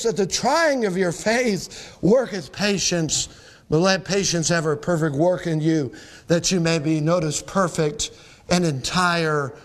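Man, pastor, sermon, high voice, scripture reading, emphatic rising delivery. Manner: preaching with scripture quotes, rising emphatic peaks.

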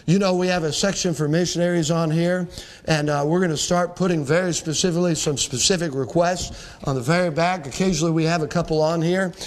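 A man with a higher-than-usual voice delivers a Sunday sermon. He preaches earnestly, dragging out key words for emphasis and reading scripture aloud to his congregation. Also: steady tone, quick pace. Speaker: pastor.

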